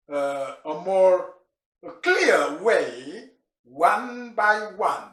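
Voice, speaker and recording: A man teaching a language lesson, going slowly through words and repeating them, with pauses and restarts. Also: fairly high pitch, fairly bright tone. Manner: slow, repeats and spells out words; frequent restarts and fillers. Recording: echoey room.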